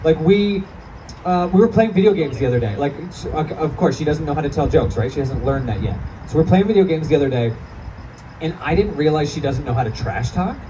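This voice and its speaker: A stand-up comic in his thirties performs a foul-mouthed, self-mocking set for a live comedy club audience and breaks into laughter at his punchlines. His voice is a little high but dark in tone, brisk and lively in intonation. The distant stage recording sounds dull, with the crowd laughing and chattering.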